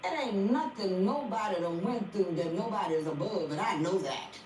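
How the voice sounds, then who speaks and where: A woman's voice: mid-range voice, animated, normal speed, darkish tone. Older woman testifying in an echoey room. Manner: preachy, repeats phrases. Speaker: podcast guest, mother. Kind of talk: emotional testimony. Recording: echoey, distant, faint noise.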